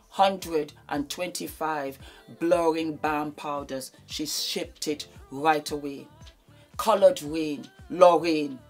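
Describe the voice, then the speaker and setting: A woman's voice: low-pitched, darkish tone. A woman in her fifties giving an emotional speech, effusive and repeating her thanks over and over. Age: 50s. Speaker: beauty vlogger giving a thank-you speech.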